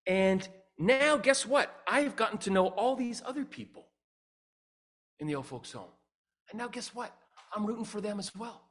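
A middle-aged man giving a humorous storytelling talk as a speaker and singer, animated and acting out dialogue. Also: moderate pace, long pauses. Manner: animated, acts out dialogue with big pitch jumps.

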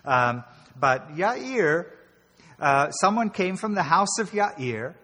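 A man preaching a sermon in an earnest, explanatory way, often pausing and restarting his phrases. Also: a little high, animated, bright, forceful tone. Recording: reverberant hall.

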